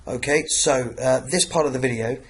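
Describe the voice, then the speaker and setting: A man with a croaky voice from a cough, teaching an exam revision lesson and peppering his talk with "okay". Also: medium pitch, moderate pace. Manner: repeats "okay" and "obviously" often.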